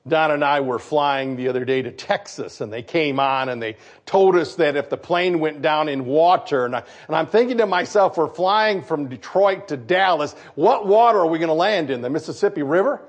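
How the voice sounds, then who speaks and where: Animated man preaching a sermon. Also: fairly high pitch, moderate pace, hardly any pauses. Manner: animated, questions the congregation, acts out quotes. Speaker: pastor. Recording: dull lo-fi recording.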